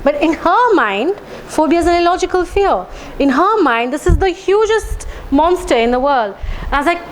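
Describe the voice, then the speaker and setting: High-voiced woman giving a talk. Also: expressive, brisk, a crowd in the background, poor audio. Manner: engaging, asks the audience questions; leads guided tapping phrases aloud. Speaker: speaker leading a health talk. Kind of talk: public talk to a live audience. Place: lecture room with an audience.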